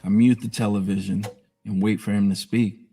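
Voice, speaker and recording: A man's voice: lowish voice, level tone, a little fast, dark tone. A man telling his own story on a live stream in a candid, emotional way, blunt and profane at times.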